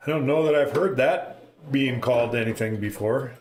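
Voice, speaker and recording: A man's voice: mid-range voice, normal speed. Chatty northern Minnesota man streaming. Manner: chatty, excitable play-by-play. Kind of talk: casual live-stream commentary. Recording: echoey room with loud noise.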